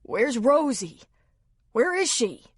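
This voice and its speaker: A woman puts on a big, childlike man pulled out of icy water, his voice raspy and wheezing. He gasps out short, frightened questions in an audiobook read close to the mic with no room sound. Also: very high voice, expressive, slow pace, no echo, voice pushed up, full character voice. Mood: frightened, breathless. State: out of breath.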